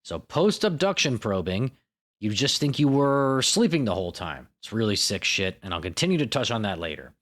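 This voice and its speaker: A man's voice: on the low side, very animated, moderate pace, a bit bright. A man hosting a podcast alone, riffing in an irreverent, profane, self-mocking comic monologue. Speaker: podcast host.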